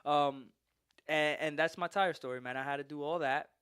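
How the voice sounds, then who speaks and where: A man's voice: fairly high pitch, moderate pace, smooth, no room sound, studio quality. A man hosting a podcast, telling a long story in casual, profane chat and laughing as he goes. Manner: animated, profane, laughs through his story. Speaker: podcast host.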